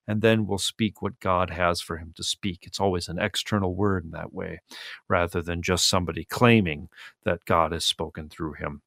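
A man, a pastor, giving earnest, teacherly Bible commentary on a talk show, acting out scripture quotes in lively voices. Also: fairly low pitch, no echo, studio quality.

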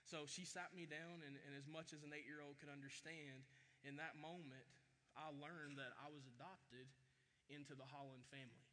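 A man's voice: fairly high pitch, little pitch movement, moderate pace, pushed and bright, a little hiss or hum. A man from Tennessee, telling his own life story as a speaker. He talks earnestly and keeps checking in with his listeners. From Tennessee, USA. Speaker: speaker and author. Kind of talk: personal storytelling talk. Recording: echoey hall with long reverb.

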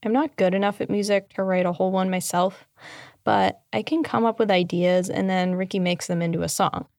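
Dry, gravelly-voiced woman narrating a memoir. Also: medium pitch, a little fast, dry recording. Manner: candid, dry and deadpan. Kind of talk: scripted first-person memoir narration.

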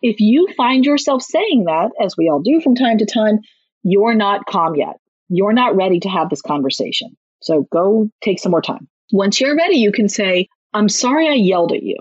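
A woman who wrote a parenting book, giving casual advice with lively delivery and acted-out quotes. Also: mid-range voice, normal speed, breathy edge, dry recording. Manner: lively, animated, acts out quoted lines. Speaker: parenting author guest. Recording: dull lo-fi, dry sound.

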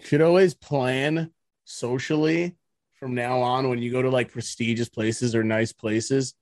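A man's voice: mid-range voice, fairly even intonation, a little slow, no room sound. A young man co-hosting a podcast, chiming in with crude, joking banter. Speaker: podcast co-host. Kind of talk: casual podcast chat.

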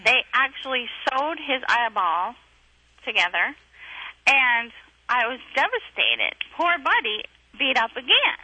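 Woman, radio interview guest, high voice, husky, chatty storytelling. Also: huge pitch swings, unhurried, sharp tone, dry recording, low-quality recording. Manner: breathless, chatty, acts out the people she quotes. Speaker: celebrity guest, actress and comedian. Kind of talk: animated storytelling on a radio show.

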